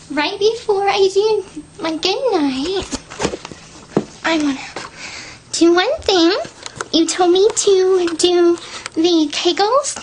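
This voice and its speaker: A young woman with a notably high, light voice records a private video message on her own camera. She talks slowly and haltingly, stopping and restarting often, in an earnest, devoted way. A faint hiss of room noise sits under her voice. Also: poor audio. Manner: soft, hesitant, with many fillers and restarts. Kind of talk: casual spoken video message. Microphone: self-recorded video camera.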